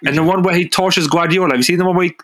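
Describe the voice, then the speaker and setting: A man co-hosting a football podcast, chatting casually and telling stories with lots of excitement. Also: high voice, rapid-fire. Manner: excitable, animated storytelling. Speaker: podcast co-host. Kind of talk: casual chat.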